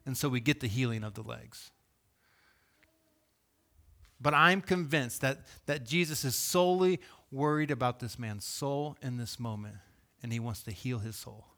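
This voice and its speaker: A male pastor delivering a sermon in an animated, conversational preaching manner. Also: medium pitch, normal speed.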